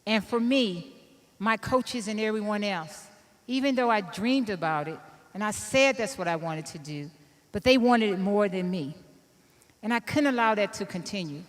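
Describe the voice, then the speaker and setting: A woman in her fifties from Illinois giving a keynote speech, telling a personal story in an animated way and laughing at herself. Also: mid-range voice, long reverb tail. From Illinois, USA. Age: 50s. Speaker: keynote speaker.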